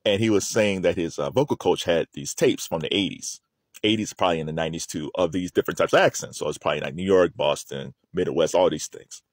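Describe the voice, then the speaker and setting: A man's voice: deep voice, fast, dry recording, studio quality. A man hosting a video, talking casually and laughing often as he chats to the camera. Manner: animated, laughs often, loose and chatty. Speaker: video host.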